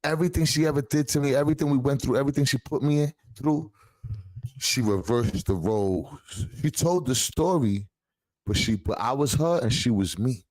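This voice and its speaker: Fairly quick and a little mellow, this mid-range male voice has no room sound. The speaker, a Bronx-born podcast guest in his 40s, spins a lengthy personal tale casually, full of street slang and frequent "you heard?"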